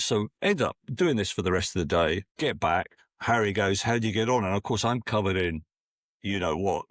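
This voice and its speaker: Give me a man in his sixties from Scotland, low-pitched, telling long rambling stories with lots of restarts. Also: no room sound, studio quality. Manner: rambling, with frequent restarts and acted-out quotes. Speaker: podcast guest. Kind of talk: casual anecdotal storytelling.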